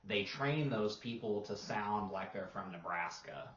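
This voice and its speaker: A man's voice: on the low side, lively intonation, measured pace, a bit bright, recorded from a distance, slight background noise. A man, a language teacher co-hosting a podcast, explaining patiently in casual talk, demonstrating sounds and using plenty of fillers. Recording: roomy, dull lo-fi sound.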